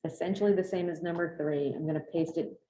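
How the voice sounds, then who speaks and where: A woman on a board explaining the difference between policy options clearly. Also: sits low, steady tone, quick pace, mellow, slight background noise. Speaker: board member. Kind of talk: meeting discussion. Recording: dull, roomy lo-fi recording.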